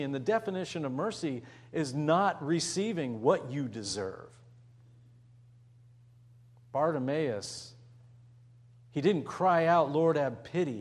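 A man's voice: a little high, animated, measured pace. A man preaching a sermon, retelling a story dramatically, acting out voices and dropping at times to a near whisper.

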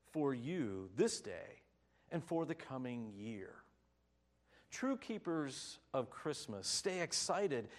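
Male preacher, sermon delivery, animated, slightly high, rhetorical questions. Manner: expressive storytelling, rising rhetorical questions.

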